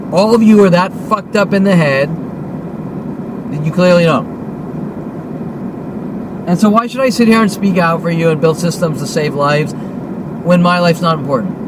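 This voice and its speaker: A man's voice: high-pitched, background noise. A man of about fifty delivering a heated, accusatory monologue, swearing often and repeating himself. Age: 50s. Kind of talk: agitated monologue rant to camera.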